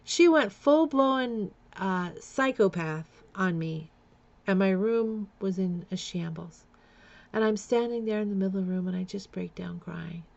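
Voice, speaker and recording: A woman's voice: mid-range voice, animated, measured pace, dull audio. A middle-aged woman telling a personal story on her vlog, candid and blunt, often laughing between lines. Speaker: vlogger.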